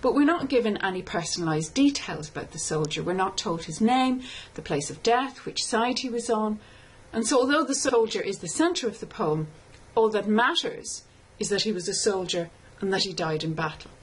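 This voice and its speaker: A woman lecturer giving a scripted tutorial, explaining step by step in a measured way and reading lines of verse slowly. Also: medium pitch, lively intonation, breathy edge, rough recording. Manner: measured, explanatory, reads poem aloud slowly. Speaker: literature lecturer.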